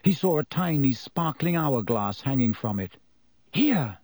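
Brief: expressive audiobook narrator, male, lively pitch, close dry sound. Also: normal speed, dry recording. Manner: expressive storytelling. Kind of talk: scripted narration.

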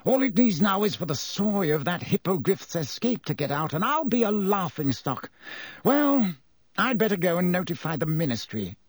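A man's voice: high-pitched, sing-song, normal speed, dry recording, studio quality, voice pushed up. A man voicing a flustered, pompous male government minister who barks and blusters. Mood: blustering. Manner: blustering and barking.

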